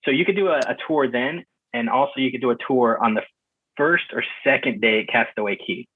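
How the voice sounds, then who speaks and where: A man calls in to a podcast and tells his story in a loose, rambling way, full of fillers and restarts. His voice is slightly husky and comes through a narrow, phone-like line with a dry sound. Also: mid-range voice, fairly quick, no room sound. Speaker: guest. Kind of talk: casual conversation recounting a trip. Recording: muffled phone-line call.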